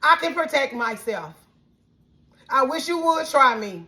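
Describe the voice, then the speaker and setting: A woman from Alabama with a Southern accent, venting heatedly to her followers about a rude fast-food worker, cursing and at times close to tears. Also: high voice, animated, pushed and bright. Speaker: vlogger. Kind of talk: emotional venting rant.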